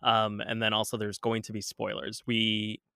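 A man co-hosting a podcast in casual chat, chatty and quick to laugh. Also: on the low side, monotone, gravelly, bright, forceful tone, clear, resonant tone, dry recording, studio quality. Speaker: podcast co-host.

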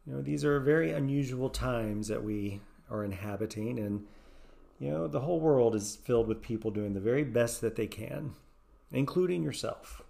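A man with a gravelly, mellow voice leads a guided meditation. He speaks softly and slowly, leaving long, unhurried pauses between phrases. His steady middle pitch stays gentle throughout. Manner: soft-spoken, slow and gentle with long pauses. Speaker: yoga and meditation teacher, podcast host.

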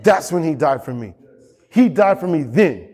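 Male pastor, high voice, fervent sermon delivery with lots of repetition, reverberant church hall. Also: expressive, normal speed, a little mellow, slightly rough, faint music behind. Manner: impassioned, repeats phrases for emphasis.

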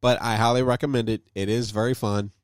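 A man co-hosting a casual gaming podcast, animated and laughing often, his voice jumping high when excited. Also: fast talker, smooth, dry recording. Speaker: podcast co-host.

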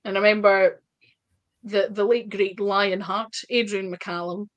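A woman with a Scottish accent, a wrestler telling stories in a casual interview, chatty and full of quick asides. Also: medium pitch, level tone, highs cut off. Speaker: wrestler guest.

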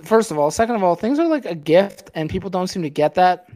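A man's voice: high voice, very animated, quick pace, warm tone. A man co-hosting a podcast, ranting in a heated, swear-filled casual talk on a filmed set. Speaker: podcast co-host.

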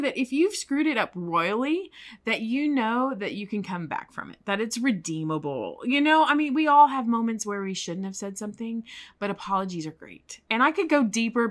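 Woman, young adult, podcast co-host, animated storyteller, casual chat, middle pitch. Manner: animated, dramatic storyteller with big pitch swings.

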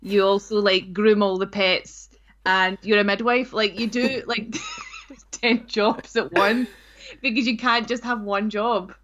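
A Scottish woman chats casually as a podcast co-host, tossing in playful asides and giggles. Her voice sits at a middling pitch, and the recording sounds a little dull and lo-fi. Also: steady tone, a little slow, a bit bright. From Scotland. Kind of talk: casual chat.

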